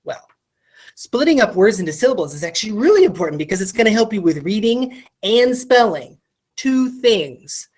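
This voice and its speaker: A teacher sounding out words for kids. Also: female voice, medium pitch, very animated, a little mellow. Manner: talks straight to the student, asking quick questions; sounds words out slowly, syllable by syllable. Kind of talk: recorded phonics lesson for children.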